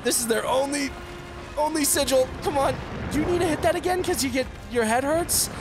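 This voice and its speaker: A man's voice: very high voice, fairly quick. A man hosting a gaming video, chatting casually over gameplay, playful and giggly as he teases the enemy he is fighting. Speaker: gaming channel host. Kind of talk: casual let's play commentary. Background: game music.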